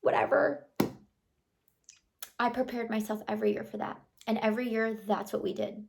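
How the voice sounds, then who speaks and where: A woman's voice: fairly high pitch, level tone, fast, vocal fry, darkish tone. A woman in her thirties vlogging to camera in a casual, motivational chat, chatty and affirming, full of "like" and "you know".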